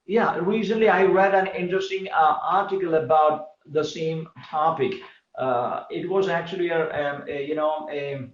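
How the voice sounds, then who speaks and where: A man's voice: fairly high pitch, normal speed. A man talking earnestly in a casual conversation, explaining his views fluently with some fillers. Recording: dull, echoey room sound.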